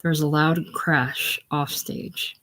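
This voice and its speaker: A reader calmly reading out a play's stage directions. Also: medium pitch, slow pace.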